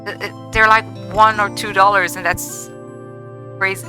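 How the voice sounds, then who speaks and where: With game music in the background, this live streamer gives casual, chatty let's-play commentary, exclaiming and interrupting himself. The medium-pitched voice stays level and unhurried, captured in a low-quality recording.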